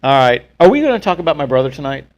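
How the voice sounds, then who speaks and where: A man hosting a casual talk show, telling jokey stories with quick asides. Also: a little high, sing-song. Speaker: podcast host. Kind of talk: casual chat.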